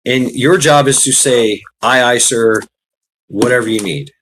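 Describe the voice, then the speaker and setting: A man's voice: mid-range voice, measured pace, fairly bright tone, slight background noise. A man hosting a live stream, ranting casually at his chat, blunt and profane, laughing often and reading out viewer names. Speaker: livestream host. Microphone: computer mic on a live stream.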